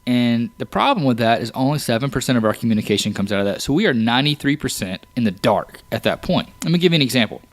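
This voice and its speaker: A man's voice: mid-range voice, expressive, quick pace, few pauses, no echo. Plain-spoken man explaining things casually. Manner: conversational, explains with examples, frequent restarts. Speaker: podcast host. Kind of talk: casual solo podcast talk.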